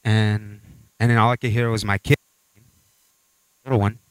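A man preaching a sermon with animated storytelling, acting out voices and scenes as he talks. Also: on the low side, moderate pace, clean tone, dry recording.

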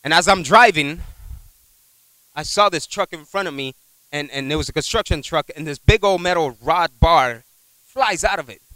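A man preaching a sermon in a conversational, animated way, telling a personal story, repeating words and asking the congregation for an amen. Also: fairly high pitch, moderate pace, no echo, low-quality recording. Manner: animated, acts out voices in his stories.

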